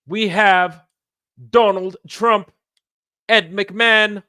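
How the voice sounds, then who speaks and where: A man impersonating a gushing older male celebrity TV host, announcing in a grand, drawn-out showman style. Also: sits high, fairly even intonation, pushed and bright, voice pushed up, exaggerated voice. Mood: grandiose.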